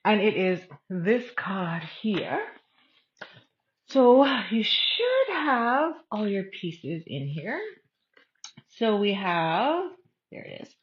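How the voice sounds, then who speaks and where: A woman's voice: medium pitch, big pitch swings, very slow, dull audio. Chatty woman demonstrating a craft. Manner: chatty, thinks aloud while working. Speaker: craft class host. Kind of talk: casual step-by-step craft demo.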